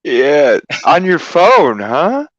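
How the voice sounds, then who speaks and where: A man in casual chat, reacting with short questions and laughs in a slow, lively voice. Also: on the high side, no echo. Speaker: podcast co-host. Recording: dry, dull lo-fi sound.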